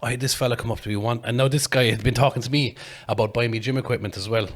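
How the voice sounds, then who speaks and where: A man spinning a long, rowdy yarn on a podcast, swearing freely and breaking into laughter as he goes. His voice sits at an ordinary middle pitch. He talks like a mate recounting a mad night out. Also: rapid-fire. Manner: animated, swearing, laughing storyteller. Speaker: podcast host. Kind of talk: casual storytelling chat.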